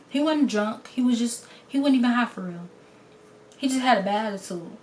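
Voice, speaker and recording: Blunt, animated young woman telling a story. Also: fairly high pitch, normal speed, slight background noise. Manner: animated and blunt, acting out quotes. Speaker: vlogger. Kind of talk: casual storytime.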